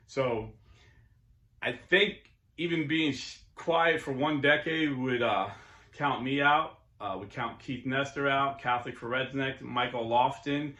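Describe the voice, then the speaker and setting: A man's voice: medium pitch, measured pace, bright, forceful tone. A middle-aged man hosting his channel, talking casually and earnestly, sometimes rising into preachy bursts. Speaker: YouTube host and Catholic convert. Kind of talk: casual monologue. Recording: echoey room.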